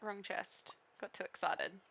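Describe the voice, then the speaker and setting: A young Australian woman chatting casually with viewers while playing a game, easygoing and quick to giggle. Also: medium pitch, little pitch movement, creaky, a bit bright, lo-fi sound, a little hiss or hum. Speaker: streamer. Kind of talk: casual chat while gaming.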